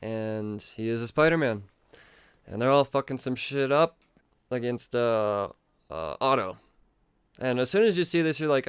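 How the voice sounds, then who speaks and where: Man, podcast host, excitable and foul-mouthed; smooth, resonant voice recorded dry and close. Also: mid-range voice, normal speed, no echo. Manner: profane, excitable, rambling. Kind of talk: casual comic book review.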